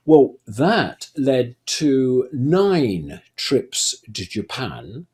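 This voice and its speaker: An older man tells long stories from his years in theatre. His delivery is loose and anecdotal, full of small hesitations. His pitch moves widely, sitting in a middling register. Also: huge pitch swings, extremely slow, few pauses, darkish tone. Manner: rambling anecdotal storyteller with frequent fillers. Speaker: retired theatre performer interviewed by his son. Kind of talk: relaxed storytelling interview.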